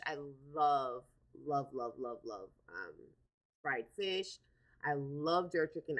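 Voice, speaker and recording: A woman with a low, deep speaking voice talks casually to her live-stream audience. She rambles warmly, repeats herself, and leans on fillers as she goes. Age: adult with a daughter. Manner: chatty, repeats words, many fillers. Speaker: livestream host.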